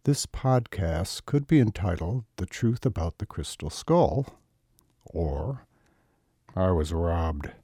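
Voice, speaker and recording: A man's voice: low voice, lively intonation, takes it slowly, mellow, slightly rough, no echo. An older man hosting a podcast as its writer, speaking with dry, wry asides. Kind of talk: spoken podcast commentary.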